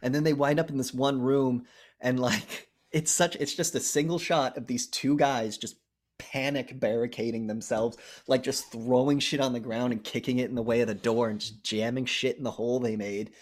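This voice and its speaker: Profane, animated man recapping a movie. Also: medium pitch, normal speed. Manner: profane, animated retelling with acted-out lines. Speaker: movie review podcast co-host. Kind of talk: casual chat recapping a movie.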